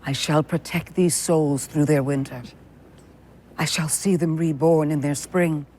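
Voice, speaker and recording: A woman's voice: sits low, fairly even intonation, unhurried, a little mellow, a little hiss or hum. A woman voicing a devoted forest guardian, swearing solemn vows. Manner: solemn, vowing.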